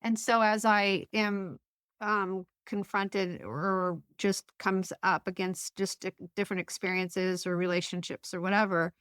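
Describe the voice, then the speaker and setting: Smooth-voiced chatty woman guest. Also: mid-range voice, fairly even intonation, unhurried, fairly bright tone, dry recording, clean studio sound. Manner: chatty storyteller with frequent restarts and fillers. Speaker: guest, author. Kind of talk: casual conversational interview.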